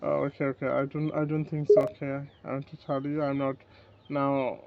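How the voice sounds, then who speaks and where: A man with a Bangladeshi accent practicing English in a casual chat, speaking haltingly with broken grammar and restarts. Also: medium pitch, monotone, vocal fry, lo-fi sound. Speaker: English learner.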